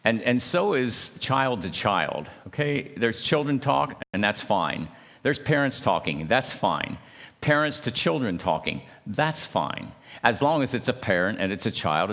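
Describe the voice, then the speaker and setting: Leading a church marriage seminar, a man with a fairly low, creaky, slightly bright voice speaks haltingly, restarting words and often asking "okay?" His pitch swings widely, and a long reverb rings through the church hall.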